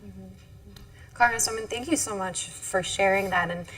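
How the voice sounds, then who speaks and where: A woman moderating a panel discussion who speaks in a gracious, measured way. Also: medium pitch, a bit bright, poor audio.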